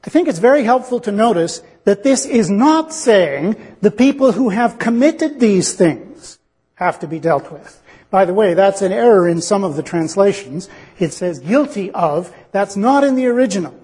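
A man's voice: high-pitched, lively intonation, normal speed, a little mellow, slightly rough, big-room sound. A man preaching a sermon in an earnest, reasoning way, acting out little dialogues to make his point.

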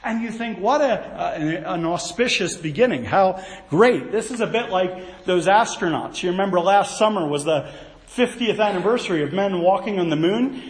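A man preaching a sermon, folksy and animated, with storytelling asides. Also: high voice, moderate pace, reverberant, rough recording.

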